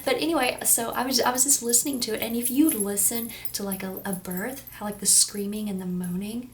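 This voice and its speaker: A woman's voice: a little high, fairly even intonation, a little fast, slight background noise. A woman in her twenties with a Kentucky accent, rambling and giggling as she vlogs casually to the camera with a runny nose. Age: 20s. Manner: rambling, giggly, self-deprecating. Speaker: vlogger. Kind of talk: casual talking-to-camera vlog.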